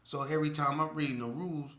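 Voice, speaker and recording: Bright-voiced man from Las Vegas telling a story. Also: a little high, fairly even intonation, fast, reverberant. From Las Vegas, Nevada. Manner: loose, repeats "you know what I'm saying". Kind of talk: casual storytelling.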